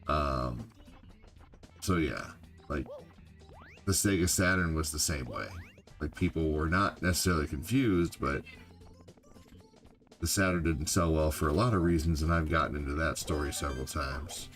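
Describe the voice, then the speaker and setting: Low-voiced older man streaming a game. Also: normal speed, long pauses, a bit bright, faint music behind. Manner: rambling, heavy on "you know" and "like". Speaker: gaming streamer. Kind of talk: live gameplay stream chat.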